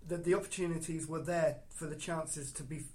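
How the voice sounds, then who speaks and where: A man's voice: on the high side, steady tone, brisk, a little mellow. A man in a casual football podcast chat, emphatic and frustrated about the game.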